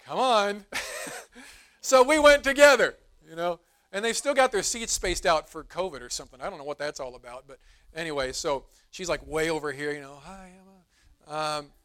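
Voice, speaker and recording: A middle-aged man, a pastor preaching a sermon in a church, telling a folksy story in a relaxed, conversational way. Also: on the high side, normal speed. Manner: rises to emphatic preaching. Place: church sanctuary.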